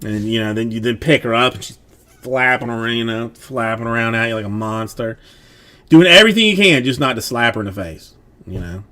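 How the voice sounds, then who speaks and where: A man's voice: mid-range voice, expressive, brisk, sharp tone. Rambling, filler-heavy man. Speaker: streamer, father of a young daughter. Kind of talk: casual livestream chat.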